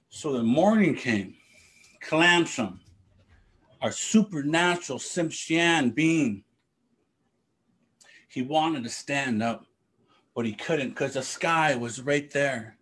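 A man telling a traditional story to young people, animated, with spoken sound effects. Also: mid-range voice, slow pace, long pauses.

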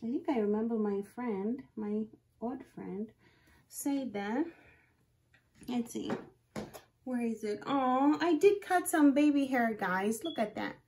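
Speaking slowly and pausing often, a high-voiced young woman who reviews wigs talks into a phone camera while fitting one. In casual self-talk she exclaims frequently and narrates each step of the install for viewers, swinging between excitement and nerves.

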